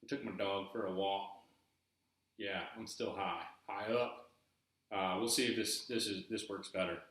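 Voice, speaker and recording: A man's voice: on the low side, steady tone, a little slow, fairly bright tone. Rambling Southern man in an echoey room. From eastern North Carolina. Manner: rambling, with many fillers and restarts. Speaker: YouTube host. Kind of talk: casual vlog commentary.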